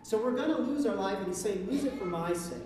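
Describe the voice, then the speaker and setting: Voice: mid-range voice, lively intonation, fast talker, noisy background. Echoey distant preacher in a hall. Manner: conversational, restarts often, asks rhetorical questions. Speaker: pastor. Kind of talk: sermon. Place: church sanctuary. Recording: echoey hall recording from far off.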